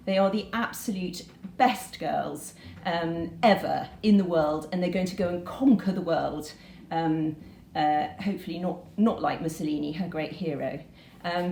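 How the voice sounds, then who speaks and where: A woman's voice: mid-range voice, a little mellow, slight background noise. Woman teacher reading aloud in an echoey room. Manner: hesitant, many ums between points. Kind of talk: reading aloud and informal talk to students.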